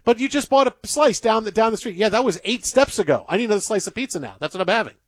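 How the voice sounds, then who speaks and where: A male sports talk host from the Detroit area, chatting in animated, rambling banter that repeats itself. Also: high voice, racing, no room sound, clean studio sound. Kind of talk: casual banter.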